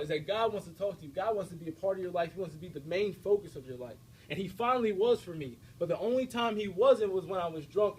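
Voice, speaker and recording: A young man with a high voice delivers a live faith talk to a student audience in a university room. He speaks with direct, preachy energy and keeps checking in with the crowd. A faint room hum sits behind him. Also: rough recording. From United States.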